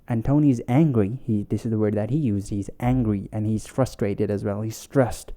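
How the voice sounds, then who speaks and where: Dark-voiced man hosting a self-help talk. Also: medium pitch, moderate pace, few pauses. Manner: storytelling with frequent fillers and restarts, acting out quotes. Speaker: podcast host.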